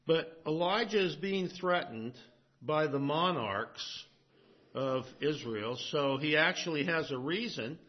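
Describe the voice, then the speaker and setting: A man preaching a sermon as pastor, swinging between emphatic, raised lines and hushed, low asides. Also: animated, takes it slowly, muffled recording.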